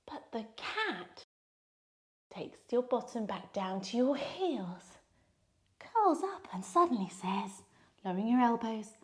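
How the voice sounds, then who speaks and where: Lively, high-voiced woman leading kids' yoga. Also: takes it slowly. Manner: playful, storytelling with sound effects. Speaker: children's yoga instructor. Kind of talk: guided kids' yoga story.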